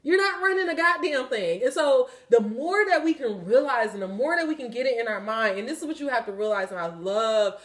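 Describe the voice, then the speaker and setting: A woman giving a casual spiritual tarot reading, animated and profane, often laughing as she talks. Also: medium pitch. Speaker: tarot reader.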